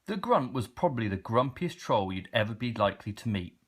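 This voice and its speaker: A man reading a children's storybook aloud in a playful, expressive way. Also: medium pitch, a little fast, husky. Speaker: storybook reader.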